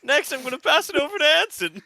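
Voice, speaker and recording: A man chats as a player in a tabletop game, wry and often laughing. His voice sits high, with a gravelly edge and a bright tone. His pitch swings very widely. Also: big pitch swings, quick pace. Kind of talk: casual tabletop play.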